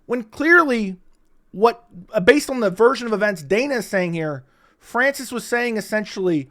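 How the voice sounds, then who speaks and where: A man's voice: high voice, lively intonation, normal speed, a bit bright. A man giving sarcastic, profane reaction commentary on interview clips.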